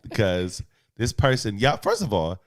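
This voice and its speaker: A man's voice: on the low side, very animated, unhurried, no room sound, clean studio sound. A man co-hosting a podcast live, chatting casually and playfully with viewers. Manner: playful, laughs often, addresses viewers as y'all. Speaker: podcast co-host. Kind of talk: casual live-stream chat.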